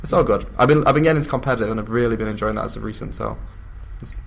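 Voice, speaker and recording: A man's voice: fairly low pitch, racing, vocal fry. A young man chatting casually as a guest, a little shy. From England. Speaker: interviewee. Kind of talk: casual chat.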